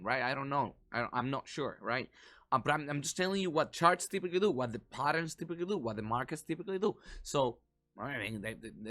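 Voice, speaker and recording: A man casually walking viewers through market charts, animated and talkative, acting out the panicked reactions of others. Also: mid-range voice. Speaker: market commentary vlogger.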